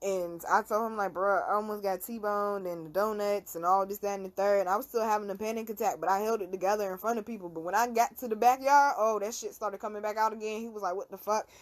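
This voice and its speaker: A young woman hosting a casual talk show, telling a story in an animated, slangy, profane way. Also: medium pitch, fast, hardly any pauses. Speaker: podcast host.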